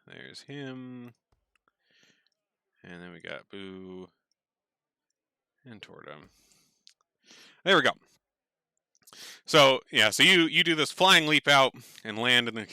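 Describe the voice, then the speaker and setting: A man's voice: lowish voice, bright, forceful tone, clear, resonant tone, dry recording. A man running a tabletop game as game master, narrating casually with lots of fillers and easy laughter. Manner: casual, rambling with many fillers, laughs easily.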